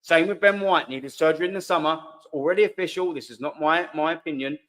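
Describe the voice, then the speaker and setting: A man's voice: a little high, quick pace, a bit bright. A man hosting a live fan chat, reading out viewer comments in a heated, swearing, repetitive way. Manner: heated, swearing, repeats himself, slangy. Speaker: host of a live fan channel.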